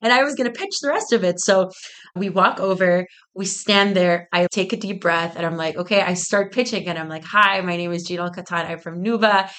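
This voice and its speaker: Speaking fairly quickly in a lowish voice, this young woman, a guest who co-founded a tea business, recounts a story during an interview. Her delivery is lively, punctuated by frequent laughter and plenty of "like."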